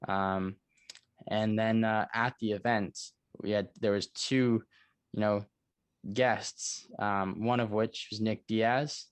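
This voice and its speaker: A young man with a somewhat low voice chats about sports with a co-host. He talks in a halting way with many fillers, and he agrees readily. It sounds like a relaxed podcast. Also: smooth. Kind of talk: casual sports chat.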